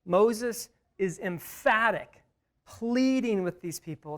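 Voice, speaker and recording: A man's voice: sits high, measured pace. A man leading an interactive Bible study, emphatic, repeating key words and putting questions to the group.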